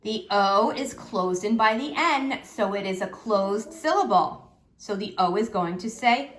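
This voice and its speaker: A woman teacher giving a slow, patient phonics lesson to children, asking them questions as she goes. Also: mid-range voice, expressive, pushed and bright.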